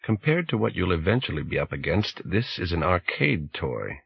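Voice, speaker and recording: A man's voice: low voice, sing-song, moderate pace, creaky, a bit bright, husky, no room sound, heavily acted. A man voicing a clipped, commanding boss. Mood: grudging.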